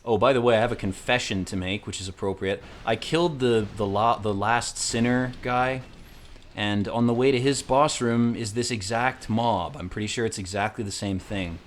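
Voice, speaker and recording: A man hosting a let's play, rambling through casual, profane gameplay commentary with excitable outbursts. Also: fairly low pitch, moderate pace.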